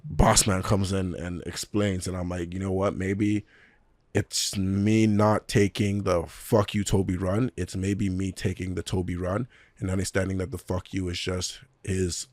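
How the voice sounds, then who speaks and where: A young man with a very low voice recounts stories in a loose, laughing way, full of street slang. The sound is dry and close, with no room around it. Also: unhurried, no echo. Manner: animated, laughing, slang-heavy storyteller. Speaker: professional footballer guest. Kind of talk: casual storytelling interview.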